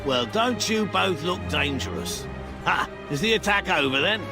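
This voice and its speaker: A jovial eccentric alchemist talks in a high, sing-song voice. He is boisterous and cheerful, and game music sits behind him. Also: lively intonation, normal speed. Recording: game dialogue over music.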